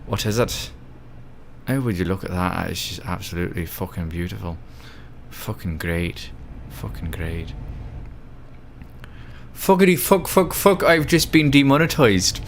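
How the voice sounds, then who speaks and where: A man's voice: deep voice, lively intonation, moderate pace, gravelly, a little hiss or hum. A drunk Australian man livestreaming a game, chatting in a rambling, sweary, giggly way. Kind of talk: casual chat while gaming.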